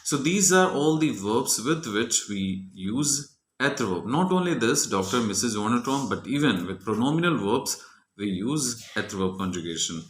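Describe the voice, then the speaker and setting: A man's voice: mid-range voice, animated, a little slow, echoey room, a little hiss or hum. A man teaching a French grammar lesson, walking methodically through each exercise answer step by step.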